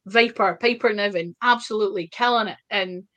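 Scottish woman, interview guest: chatty storyteller, quick asides. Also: mid-range voice, sharp tone. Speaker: wrestler guest.

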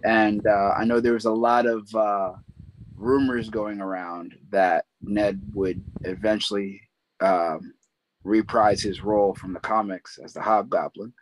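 Slow-talking low-voiced man. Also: fairly even intonation, slight background noise, rough recording. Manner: hesitant, lots of ums and uhs. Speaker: co-host. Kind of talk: casual film discussion.

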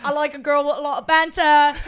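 A woman's voice: high-pitched, flat delivery, fast talker, fairly bright tone, a little hiss or hum. A woman voicing a cocky young male dating-show contestant with an Essex accent, bragging and laughing.

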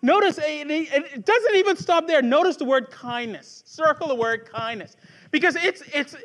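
A man's voice: very high voice, moderate pace, a bit bright. A man preaching a sermon as pastor, conversational with asides to the congregation, building to fervent rhetorical questions.

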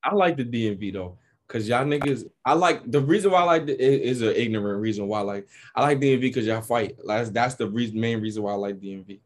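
A man with a New York accent talks casually in an average-pitched voice. He is blunt and profane, and he tells stories with animated emphasis. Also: fast. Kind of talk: casual chat.

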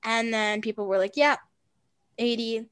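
A woman's voice: a little high, level tone, a little slow, a bit bright, clear, resonant tone. A teenage girl co-hosting a podcast, chatting casually and offering reassurance. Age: teens. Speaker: podcast co-host. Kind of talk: casual chat.

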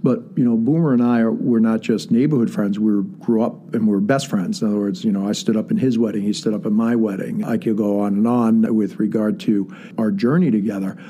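A man's voice: fairly low pitch, fairly even intonation, fairly quick, hardly any pauses, dark tone, slightly rough. A man telling a personal story in a casual, earnest way with many fillers. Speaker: guest storyteller.

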